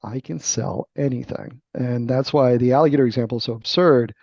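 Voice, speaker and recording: Middle-aged guy with a gravelly voice, walks through sales ideas like a teacher, dull dry remote audio. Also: mid-range voice, a little fast, a little mellow, dry recording. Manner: emphatic, teacherly, checks in with "right?". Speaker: guest sales author. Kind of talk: explanatory interview talk.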